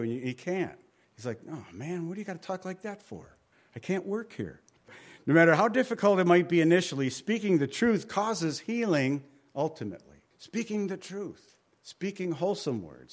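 A pastor teaching through scripture in a conversational sermon, repeating key phrases for emphasis and dropping to a quiet voice at the ends of phrases. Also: male voice, a little high.

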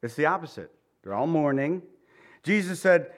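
A male pastor giving a conversational sermon. He reads scripture, repeats key phrases for emphasis and drops into quiet asides. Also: fairly high pitch, expressive, normal speed.

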